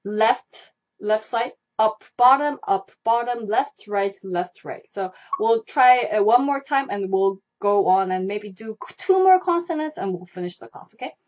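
Leading an online Korean class live, a young woman repeatedly calls out stroke directions and sounds while she demonstrates. Her voice is mid-range and animated, unhurried but with few pauses, and the stream's audio is dull and lo-fi.

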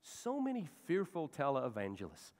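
A male pastor preaching a sermon, swinging from loud rallying shouts to hushed, soft pleading. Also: mid-range voice, wildly swooping pitch, normal speed, big-room sound. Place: church sanctuary.

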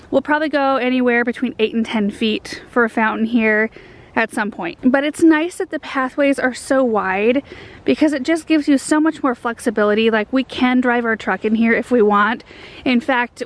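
Woman gardening host with a fairly high voice, rambling casually outdoors in her garden. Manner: chatty and rambling, with frequent ums. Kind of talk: casual vlog walkthrough. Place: outdoors in a large home garden.

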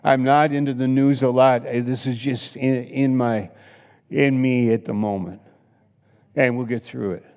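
A man's voice: medium pitch, steady tone, a little slow. Male pastor mid-sermon, impassioned and blunt, mid-range voice ringing in a reverberant sanctuary. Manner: impassioned, swings between loud exclamations and hushed asides. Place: church sanctuary. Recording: long hall reverb.

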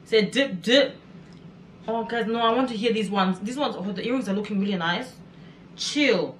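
A woman hosting a casual music video reaction, chatty and excitable, exclaiming often. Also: medium pitch, fast, slight background noise. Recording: echoey room with music behind.

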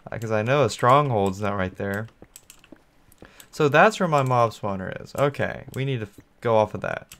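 Smooth-voiced man rambling over gameplay. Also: lowish voice, animated, normal speed, a bit bright. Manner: rambling, thinks aloud, talks to viewers. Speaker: gaming channel host. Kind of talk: solo gameplay commentary.

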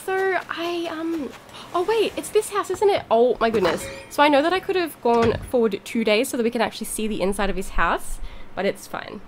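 Bubbly high-voiced gaming woman. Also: fairly quick, a little hiss or hum. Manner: gushing, excitable, swears mildly; bubbly, giggly. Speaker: gaming YouTuber. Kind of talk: casual gameplay commentary.

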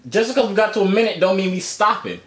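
A man's voice: high voice, sing-song, fast, heavy background noise. A young man hosting a casual vlog with his little brother, teasing and laughing often. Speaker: vlogger, older brother.

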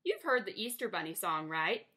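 A woman's voice: on the low side, very animated, moderate pace, sharp tone, slightly rough, heavily acted. A woman voicing a cheerful, bouncy male frog who sings in a storybook read-aloud. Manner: sing-song, upbeat.

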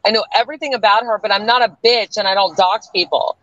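A woman's voice: mid-range voice, fast, a bit bright, no room sound. A woman guest on a livestream call, ranting in a furious, profane, threatening way. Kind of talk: angry livestream rant. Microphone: online stream call audio. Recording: dull lo-fi stream audio.

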